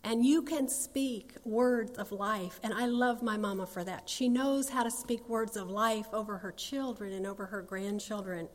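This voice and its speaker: A woman's voice: medium pitch, moderate pace, few pauses, in a large hall. A woman, sharing her personal testimony in a folksy, earnest storytelling manner. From North Carolina, USA. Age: 60s.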